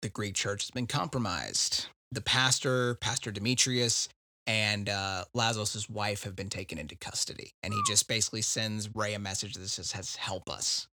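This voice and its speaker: A man's voice: on the low side, steady tone, moderate pace, sharp tone. A man hosting a casual book discussion podcast, recapping chapters with wry asides. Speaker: podcast host.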